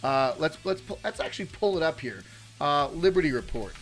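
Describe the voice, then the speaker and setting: A man's voice: on the high side, animated, brisk, faint music behind. A man hosting a casual political live stream, rambling and chatting with viewers in the chat. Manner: rambling, lots of fillers and restarts, chatty with viewers. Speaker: political livestream host.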